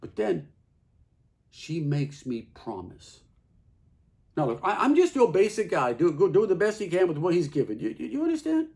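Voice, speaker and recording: A man performing a theatrical monologue as a plain-spoken husband, folksy and halting, with many repeats. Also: sits high, sing-song, vocal fry, a little mellow. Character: Carl, plain-spoken middle-aged husband.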